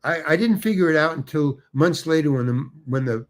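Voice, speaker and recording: With a slightly high voice and a fairly quick pace, an older man who's a guest actor spins rambling stories. He restarts often and acts out the quotes.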